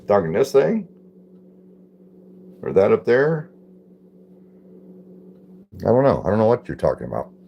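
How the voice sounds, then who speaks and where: A man's voice: lowish voice, huge pitch swings, measured pace, creaky, long pauses, lo-fi sound, slight background noise. A man hosting a casual live stream, reading viewer comments aloud, repeating phrases and puzzling over them.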